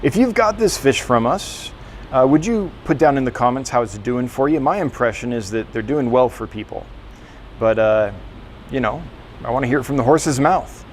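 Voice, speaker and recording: A man's voice: medium pitch, normal speed, slight background noise. A man who runs a fish store, talking casually through a store tour, rambling a little with fillers and self-corrections.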